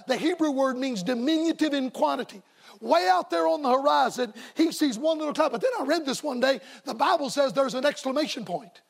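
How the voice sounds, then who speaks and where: High gravelly preacher man. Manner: emphatic, folksy, rising to shouts. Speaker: staff evangelist preacher. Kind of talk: revival sermon.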